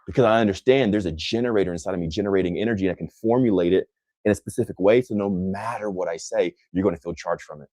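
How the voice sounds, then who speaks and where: A man's voice: sits low, quick pace, darkish tone, no room sound. A man hosting a motivational livestream, speaking intensely and emphatically, often repeating phrases for effect. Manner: scornful toward critics. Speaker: host answering live comments.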